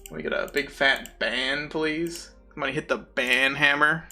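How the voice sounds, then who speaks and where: A man's voice: medium pitch, normal speed, sharp tone, faint music behind. A man live-streaming, chatting casually in a rambling, goofy way full of internet slang.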